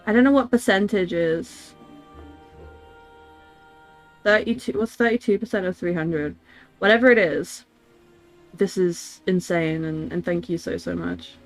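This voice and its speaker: Halting woman streamer chatting while gaming. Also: lowish voice, faint music behind. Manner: halting, with many restarts and fillers. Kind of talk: casual livestream chat while gaming.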